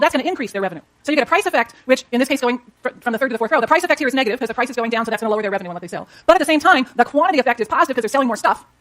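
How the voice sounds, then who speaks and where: A middle-aged woman lecturing on economics at a very quick clip. Her voice sits a little high, and she walks the class through each graph as she draws it. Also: fairly bright tone. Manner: brisk, explains while drawing graphs, talks to students.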